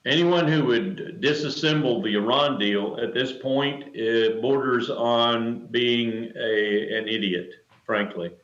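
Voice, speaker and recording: Older male guest, emphatic and measured, repeating phrases for stress; muffled, echoey remote feed. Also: mid-range voice, a bit bright. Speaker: interview guest, retired colonel. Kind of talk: remote news interview.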